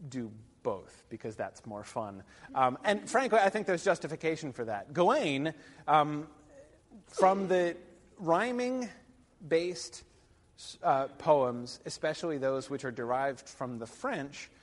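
A man teaches a literature class at an ordinary middle pitch. He wanders through his points with frequent ums and dry, self-mocking asides. His voice rings with the long reverb of a lecture hall. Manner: rambling, filler-heavy, wry asides.

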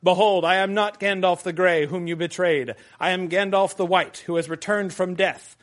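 A stern, commanding wizard's speech, read aloud in a fairly high tone and declaimed firmly, as a male teacher reads it to his class. The manner is simple dramatic read-aloud rather than full acting. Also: fairly quick, a bit bright.

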